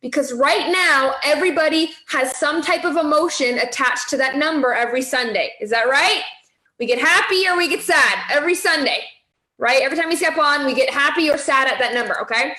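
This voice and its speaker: A woman with a high-pitched voice, fairly quick, pushed and bright, coaches a weight-loss group in an easy, chatty manner. She repeatedly asks "okay?" and "right?" to make sure everyone follows, and the room around her is echoey.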